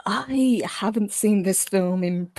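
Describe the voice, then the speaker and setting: A woman with a British accent talks through film trivia in a measured, informative way and giggles often. Her voice sits at a middle pitch and sounds dry and close on a home microphone. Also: a little mellow, no room sound. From Britain. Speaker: podcast co-host. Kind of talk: casual movie discussion.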